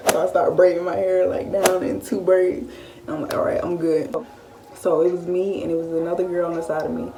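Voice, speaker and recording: Low, gravelly teen girl vlogger. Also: fairly quick, recorded from a distance. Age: late teens. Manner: animated, swearing storyteller who often acts out her own thoughts. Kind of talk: casual story time.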